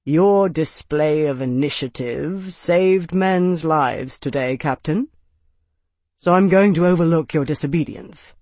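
A man's voice: fairly high pitch, slow, darkish tone, no room sound. A man voicing a stern older male senator, speaking in clipped, cold commands to a junior officer.

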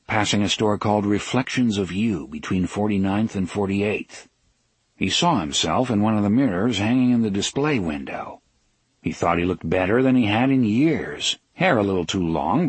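A man narrating an audiobook in a measured, dramatic storytelling manner, slowing down for emphasis. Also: on the low side, slightly rough, dry recording. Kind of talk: scripted narration.

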